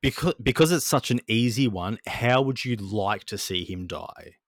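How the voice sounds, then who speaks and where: A man's voice: mid-range voice, expressive, normal speed, no echo, clean studio sound. A man hosting a casual podcast, joking crudely and swearing a lot. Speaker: podcast host.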